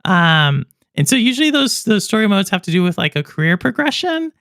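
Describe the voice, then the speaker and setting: Casual gaming host, chatty and rambling, pitch that jumps around, dry close sound. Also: very animated, brisk, fairly bright tone, no echo. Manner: chatty and rambling, many fillers and asides to chat viewers. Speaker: podcast and livestream host. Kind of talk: casual chat reacting to gaming news and live chat.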